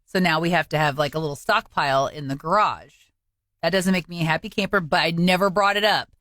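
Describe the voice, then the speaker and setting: A woman co-hosting a podcast in casual chat, telling stories and acting out quoted speech in a higher voice. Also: fairly quick, dry recording. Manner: animated storyteller who acts out quoted speech in a higher voice. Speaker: podcast co-host.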